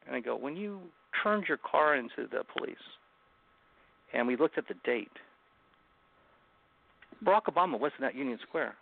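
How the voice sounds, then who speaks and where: A man, a guest author, earnestly retelling a personal story in an interview, halting and restarting often. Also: medium pitch, lively intonation, gravelly. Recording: phone-like remote call line.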